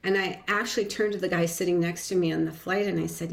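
Woman guest, low voice, halting reflective storyteller, casual interview. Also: fairly even intonation, vocal fry. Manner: halting, many restarts and fillers, reflective.

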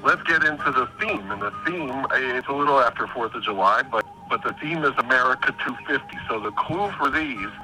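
Male caller, bright and animated, playful game-runner, faint music behind. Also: mid-range voice, a little fast, hardly any pauses. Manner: playful, sets up guessing game. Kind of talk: phone-in game. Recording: phone line.

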